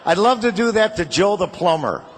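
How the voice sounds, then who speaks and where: A man's voice: sits high, sing-song, a little fast, background noise. An older man doing a stand-up comedy routine, firing off punchy one-liners and chuckling at his own jokes. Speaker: comedian and show host.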